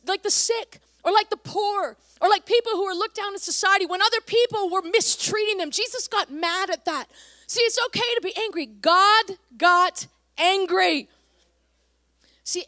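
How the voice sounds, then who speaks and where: A woman pastor from Canada preaching a sermon, energetic and emphatic, reading scripture slowly and dramatically. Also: extremely high pitch, no room sound, studio quality.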